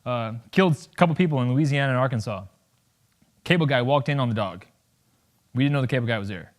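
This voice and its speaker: Animated man giving a campus talk. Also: medium pitch. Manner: animated, jokey, acts out quick voices. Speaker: guest speaker.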